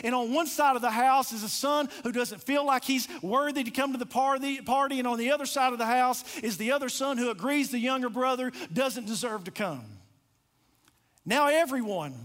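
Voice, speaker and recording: High-voiced impassioned male preacher. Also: a bit bright. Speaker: pastor. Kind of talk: sermon.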